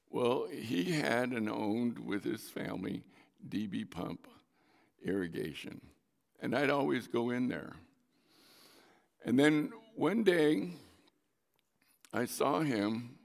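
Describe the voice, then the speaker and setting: A man's voice: mid-range voice, creaky, in a large hall. A man preaching a sermon as a pastor, telling a personal story with emphasis and drawing out key words.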